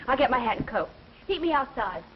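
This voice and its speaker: A quick-talking, guarded singer. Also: female voice, a little high, big pitch swings, a little hiss or hum. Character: guarded young female nightclub singer. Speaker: nightclub singer and student. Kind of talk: 1930s film acting. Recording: dull, lo-fi old film soundtrack.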